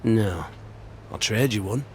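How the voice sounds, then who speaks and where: An actor voicing a bitter outcast trader in a video game, gruff and scoffing. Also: male voice, fairly low pitch, takes it slowly, darkish tone, slight background noise. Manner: gruff, scoffing, laughs at others. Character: bitter outcast middle-aged man trader.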